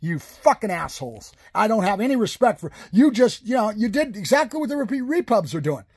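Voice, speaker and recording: An enraged man in his sixties rants and swears without letup, his voice high and husky. The sound is dry and close, with no room around it. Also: sing-song, fairly quick, dry recording. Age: 60s. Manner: furious, shouting, heavy swearing. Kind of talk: angry political rant.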